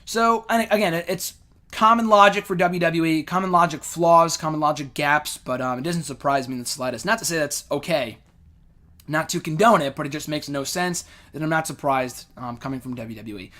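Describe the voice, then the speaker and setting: Answering fans' questions on a casual show, a young male host rambles with plenty of fillers and offers blunt opinions. He speaks fairly quickly in a voice on the high side, bright and forceful.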